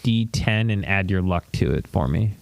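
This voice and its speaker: A man's voice: low-pitched, expressive, normal speed, gravelly, no echo. A young man running a tabletop game, casually narrating scenes and joking with players. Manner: laid-back, joking, describing scenes. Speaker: game master.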